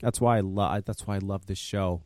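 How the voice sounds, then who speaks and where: A man's voice: low voice, fairly even intonation, brisk, darkish tone, smooth, no echo, studio quality. A man hosting a podcast in casual chat, blunt and profane, often ranting and grumbling. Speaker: podcast host and vape shop owner.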